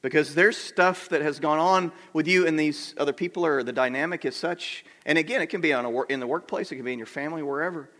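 Middle-aged man, pastor, conversational sermon, bright, hall reverb. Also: on the high side, fast talker, few pauses. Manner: conversational, asks the congregation questions. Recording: long reverb of a large hall.

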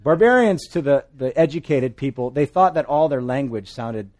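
A man from Hawaii with a Hawaiian accent, preaching a sermon with jokes and swings between loud and soft. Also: moderate pace. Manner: animated, joking asides, pitch and volume swing widely. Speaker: pastor.

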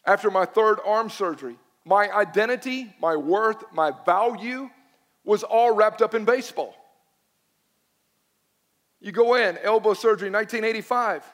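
A middle-aged man preaching a sermon, telling a personal story dramatically, dropping to a hush and rising to shouts. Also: sits high, moderate pace, long pauses. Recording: long reverb of a large hall.

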